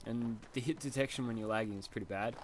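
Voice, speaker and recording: A man's voice: medium pitch, fast talker. Young Australian man, slight lisp, sniffly, self-deprecating rambling gamer commentary, faint background noise. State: sniffly from hay fever. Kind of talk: casual gameplay commentary.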